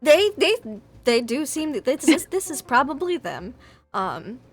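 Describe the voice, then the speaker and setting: A woman running a tabletop game as game master, narrating in a meandering way full of fillers. Her voice sits fairly high. Faint music plays under her. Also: sing-song, unhurried.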